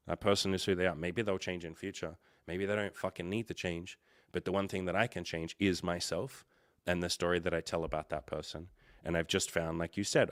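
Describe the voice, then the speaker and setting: A young adult man hosting a livestream, coaching viewers in a relaxed, reassuring way and swearing now and then. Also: deep voice, no echo, clean studio sound. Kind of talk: casual livestream coaching chat.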